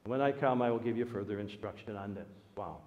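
A man, a pastor, preaching a sermon with animated storytelling, his voice rising for emphasis. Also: on the low side, brisk. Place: church. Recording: dull sound with long hall reverb.

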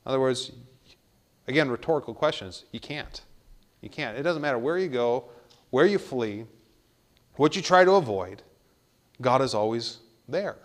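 A man's voice: medium pitch, animated, moderate pace, long pauses. A man preaching a sermon in a church, reading scripture aloud and repeating key words for emphasis. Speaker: pastor. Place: church sanctuary.

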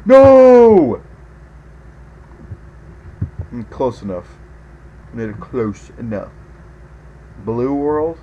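A man giving let's play commentary as a gaming video host, excitable, yelping and groaning at every mishap. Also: medium pitch, slow pace, dull audio, slight background noise.

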